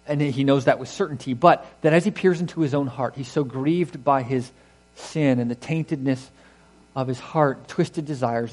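A man's voice: mid-range voice, darkish tone, low-quality recording. A man in his ordinary middle register preaches to his congregation, earnest and emphatic. He restarts his phrases and puts rhetorical questions to the room. A faint mains hum runs under his voice. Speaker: pastor. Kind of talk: sermon.

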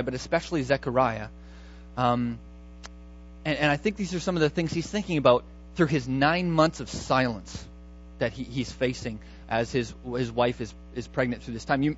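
A man's voice: mid-range voice, lo-fi sound. A man preaching a sermon as a pastor, talking through a Bible passage in a conversational way, often restarting mid-phrase. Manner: conversational, thinking aloud with many restarts.

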